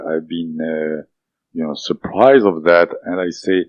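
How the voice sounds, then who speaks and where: A man whose first language is French, telling his story as an interview guest, halting and full of fillers and restarts. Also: low voice, fairly even intonation, no echo. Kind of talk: recounting a personal experience in an interview. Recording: dull lo-fi dry recording.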